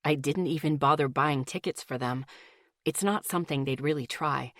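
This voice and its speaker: A woman voicing a kind, gentle young man who speaks softly and low in a smooth, silky tone. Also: dry recording, studio quality. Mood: gentle, wry. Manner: soft, low and slow.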